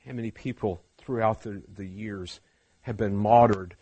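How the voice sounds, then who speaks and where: A man preaching a sermon, swinging from hushed, slow passages to loud, fervent ones. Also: lowish voice, fairly even intonation, slightly rough, no room sound.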